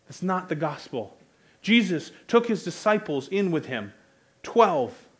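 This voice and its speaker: A man in his thirties with an American accent, preaching a sermon in a conversational, joking way that rises to loud, emphatic bursts. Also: a little high.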